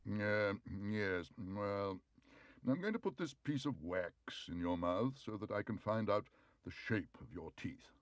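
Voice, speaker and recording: Man playing a slow, pompous old dentist. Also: fairly low pitch, animated, no echo. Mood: instructing. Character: fussy older male dentist, stiff and formal.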